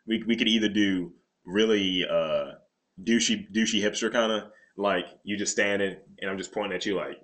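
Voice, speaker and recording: A man's voice: fairly low pitch, normal speed, fairly bright tone. A man co-hosting a podcast in casual chat, rambling and often restarting his sentences. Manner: rambling, restarts a lot, laid-back. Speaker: podcast co-host.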